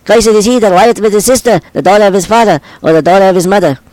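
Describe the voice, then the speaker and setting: Guy reading old scripture, fairly high voice, slow solemn phrasing, dry close sound. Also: darkish tone, dry recording, low-quality recording. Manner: measured, solemn cadence in short phrases.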